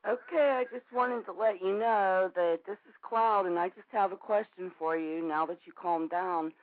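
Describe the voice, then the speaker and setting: A woman calling in to a radio show, calm and plain as she asks a question, over a tinny phone line. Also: medium pitch, moderate pace, dry recording. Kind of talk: casual phone call.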